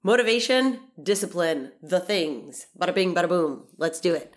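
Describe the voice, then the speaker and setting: A woman's voice: on the low side, expressive, moderate pace, music in the background. A woman in her thirties hosting a podcast in a casual monologue, bubbly and chatty, with a stuffy, nasal voice from allergies. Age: 30s. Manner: bubbly, chatty, swears casually, laughs often. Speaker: podcast host.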